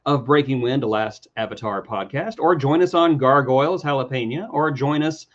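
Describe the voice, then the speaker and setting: A man's voice: medium pitch, normal speed, highs cut off. A man co-hosting a casual podcast with jokey, self-mocking banter. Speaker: podcast co-host.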